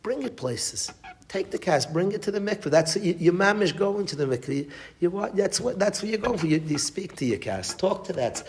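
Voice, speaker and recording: Rabbi, male, teaching a Torah class. Emphatic, repeats phrases, slightly high voice, faint background hiss. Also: lively intonation, brisk. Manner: emphatic, repeats phrases, restarts mid-sentence. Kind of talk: Torah class with Yiddish and Hebrew terms.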